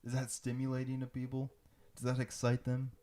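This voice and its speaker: A man's voice: medium pitch, completely flat delivery, brisk, warm tone, slight background noise. Joking young man co-hosting a podcast. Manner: joking, riffs on absurd bits. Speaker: podcast co-host. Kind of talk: casual chat.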